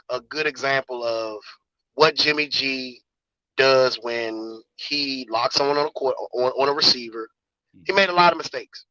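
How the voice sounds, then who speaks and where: A man's voice: mid-range voice, pushed and bright, no echo, lo-fi sound. A man calling in to a sports show, casual and earnest, building a critical argument. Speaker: caller. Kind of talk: casual sports call-in talk.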